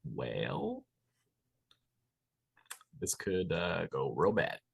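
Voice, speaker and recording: Male player, low voice, hesitant and searching, plans moves out loud. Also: wildly swooping pitch, very slow, vocal fry, slight background noise. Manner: hesitant, many fillers and restarts while planning moves. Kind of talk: tabletop role-play, describing his character's actions.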